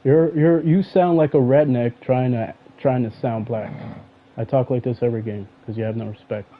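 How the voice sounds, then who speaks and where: A man's voice: medium pitch, steady tone, normal speed. A man streaming an online football game, commenting as he plays and arguing back at his opponent. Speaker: gaming streamer. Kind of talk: live gameplay commentary. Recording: tinny phone-like sound.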